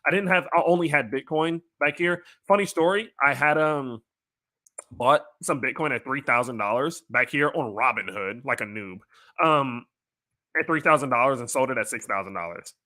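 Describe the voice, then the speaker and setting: A man's voice: mid-range voice, moderate pace, sharp tone. A man with a light Louisiana accent hosting a casual crypto livestream, reading chat questions aloud and answering in a loose, filler-heavy way. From Louisiana, USA. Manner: loose and filler-heavy, with frequent "um" and "you know", speaking directly to viewers.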